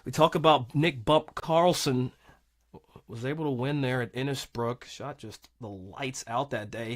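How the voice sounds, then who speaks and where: A man doing live golf commentary, chatty and excitable, cracking jokes with his co-host. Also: medium pitch.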